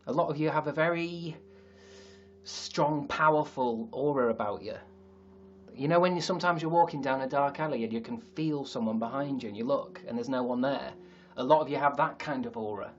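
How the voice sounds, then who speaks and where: Yorkshire guy rambling on a laptop livestream, middle pitch, swears a bit, kinda dull muffled sound. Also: fairly quick, a little hiss or hum. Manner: rambling, self-mocking, sweary. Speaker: livestream host. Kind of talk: casual livestream chat. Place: sister's attic.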